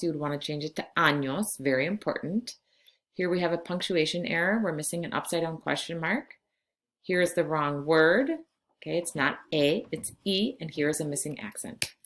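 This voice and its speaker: Low-voiced woman teaching a class. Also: a bit bright. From California. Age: 40s. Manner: slow, clear classroom instruction switching between Spanish and English. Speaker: Spanish teacher. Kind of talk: recorded class lesson.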